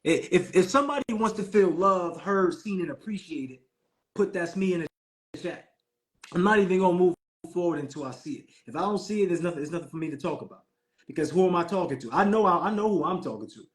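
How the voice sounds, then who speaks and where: A man's voice: high-pitched, expressive, quick pace. A man hosting a live call with preachy, hyped motivational talk. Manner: preachy, hyped, calls the audience Queen.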